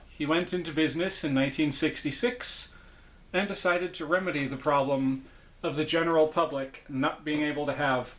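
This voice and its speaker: A man's voice: fairly high pitch, a bit bright, a little hiss or hum. A man hosting a casual unboxing vlog as a puppet collector, enthusiastic and rambling, often correcting himself. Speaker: puppet collector, channel host.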